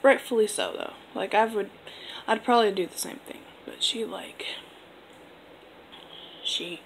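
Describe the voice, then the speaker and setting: A woman's voice: on the high side, vocal fry, a little hiss or hum, poor audio. A young woman in her twenties casually telling a personal story to camera, rambling with lots of fillers. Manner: rambling, filler-heavy, laid-back. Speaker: vlogger.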